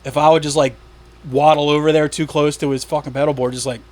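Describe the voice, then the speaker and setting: A man's voice: on the high side, flat delivery, quick pace, a little mellow. A man hosting a casual podcast, telling stories with lots of swearing and laughter. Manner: profane, laughing storyteller. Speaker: podcast host.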